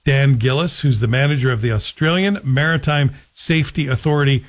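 A man with a medium-pitched voice hosts a morning talk radio show, talking a little fast in a chatty, wry way and mocking himself throughout his casual commentary.

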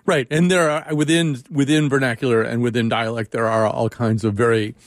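A man's voice: mid-range voice, steady tone, a little fast, dry recording, studio quality. A male host asking questions in a musing way, searching for words as he talks. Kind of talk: conversational interview.

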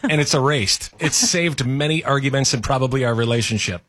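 A man's voice: mid-range voice, a little fast, a bit bright. A man co-hosting a radio talk show, joking playfully and reading listener texts with a laugh in his voice.

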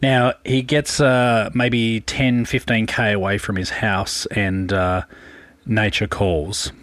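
Chatty Australian radio host, dry studio. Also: male voice, lowish voice, little pitch movement, slow, fairly bright tone, no echo. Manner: chatty, rambling anecdote with fillers. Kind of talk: casual radio storytelling.

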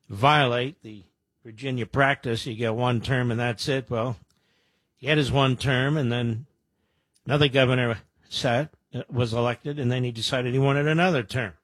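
Sarcastic older radio host guy, husky voice, dry studio sound. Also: medium pitch, a bit bright, dry recording. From Philadelphia area. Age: 60s. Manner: sarcastic, mocking, emphatic. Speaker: radio talk show host. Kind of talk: combative talk radio monologue. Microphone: studio microphone.

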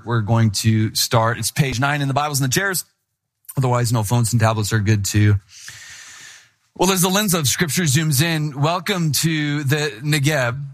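A young adult man, a pastor, preaching a sermon in a lively, conversational storytelling way. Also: mid-range voice.

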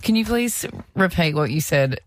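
A woman's voice: fairly low pitch, expressive, normal speed, dry recording, studio quality. A woman co-hosting a radio show, teasing and laughing in casual banter. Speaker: radio co-host.

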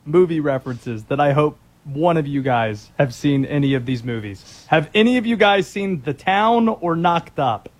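Wry, teasing sports radio co-host. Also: male voice, a little high, lively intonation, normal speed, hardly any pauses. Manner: wry, teasing, sets up segues. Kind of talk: sports talk radio banter.

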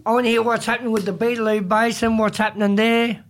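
A man's voice: high-pitched, little pitch movement, quick pace. An Australian man co-hosting a radio show in a studio, talking in a blunt, emphatic way and often repeating himself. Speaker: radio co-host. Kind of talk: casual radio banter.

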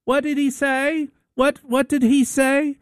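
A man voicing a nagging, shrill middle-aged wife who fires off accusatory questions. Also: flat delivery, slow pace, no echo, studio quality. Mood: suspicious.

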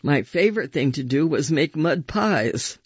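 A soft-spoken older mother , as a man reads her lines, looks back with quiet nostalgia. The voice is gravelly and a little husky. The recording is dry and slightly muffled. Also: on the high side, animated, measured pace, no room sound, exaggerated voice. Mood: wistful.

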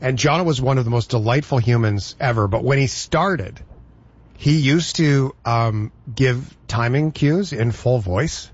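A male radio host in casual, playful banter, chatty and quick to laugh. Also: mid-range voice, breathy edge, highs cut off.

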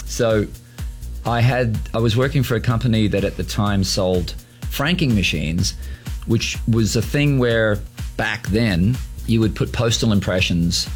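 Man, low voice, casual storytelling, self-mocking, light laughter, faint music behind. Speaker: interview guest. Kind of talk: casual anecdote.

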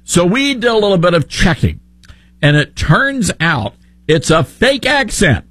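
A man's voice: high voice, big pitch swings, measured pace, fairly bright tone, dry recording. A man with a Southern accent hosting a talk radio show, sarcastic and opinionated.

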